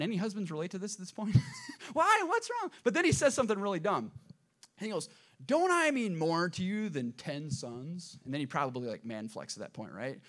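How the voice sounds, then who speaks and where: Bright-voiced man preaching a sermon. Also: a little high. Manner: conversational, joking asides, frequent restarts. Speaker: pastor.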